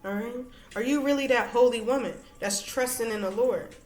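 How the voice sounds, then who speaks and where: A woman's voice: fairly high pitch, normal speed, darkish tone, reverberant, soft background music. A woman teaching women from scripture in a conversational way, reading verses aloud and checking in with "all right" and "okay". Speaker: women's Bible study teacher.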